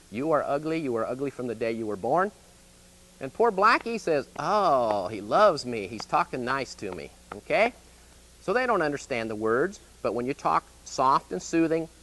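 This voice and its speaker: A man's voice: on the high side, a bit bright. Folksy Midwestern man teaching horse training. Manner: folksy, plain-spoken, checks in with "okay?". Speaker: extension educator.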